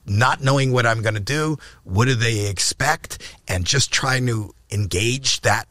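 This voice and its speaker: Speaking a little slowly, an older man from Canada shares stories as a podcast guest, animatedly voicing quoted lines in a rising pitch and frequently restarting or repeating words. The studio-quality audio has no echo.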